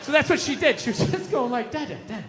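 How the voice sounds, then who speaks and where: A man's voice: extremely high pitch, animated, quick pace, fairly bright tone. A middle-aged man performing stand-up comedy, swearing a lot and acting out his own outbursts. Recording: reverberant hall, faint noise.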